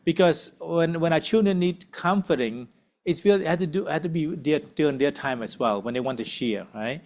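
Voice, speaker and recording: A man's voice: on the high side, brisk, a little mellow. A man leading a church parenting workshop in casual group discussion, conversational and always asking "right?". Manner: conversational, frequent tag questions. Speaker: uncle.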